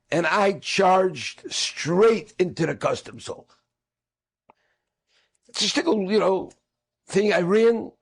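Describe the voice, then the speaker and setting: Gravelly high-voiced storytelling man. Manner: animated, acts out quoted speakers. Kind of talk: storytelling talk.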